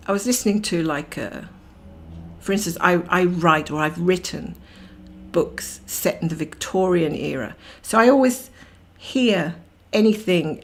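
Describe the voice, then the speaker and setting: A woman hosting a cross-stitch livestream, chatting casually and rambling while she greets viewers by name and laughs often. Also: on the low side.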